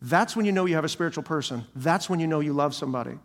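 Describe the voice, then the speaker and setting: A man's voice: on the high side, very fast, in a large hall. A male senior pastor giving a sermon, preaching animatedly and acting out the voices of people he quotes.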